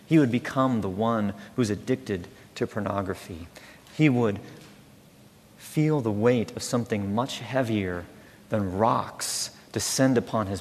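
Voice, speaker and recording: A man preaching a sermon as pastor, rising loud on key words and falling to a slow, soft hush. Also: lowish voice. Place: church. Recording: long hall reverb, faint room noise.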